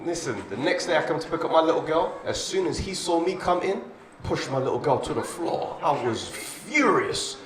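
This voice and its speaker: A young man doing a stand-up comedy set, chatty and animated, often asking "you know what I mean?". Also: a little high, moderate pace. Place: comedy club stage. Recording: echoey club, far from the mic, loud noise and crowd.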